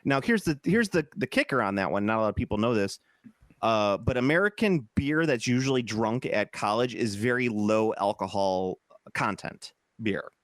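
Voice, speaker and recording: A man's voice: on the low side, lively intonation, moderate pace, no echo, studio quality. A man in his forties co-hosting a podcast, rambling through casual chat with jokes and frequent laughs. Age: 40s. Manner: rambling, jokey, laughs often. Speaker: podcast co-host.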